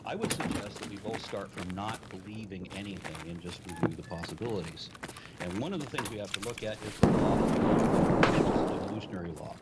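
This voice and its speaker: A man's voice: sits low, quick pace, very noisy. A man in a debate, explaining technical points and pressing his opponent with repeated questions. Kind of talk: debate argument.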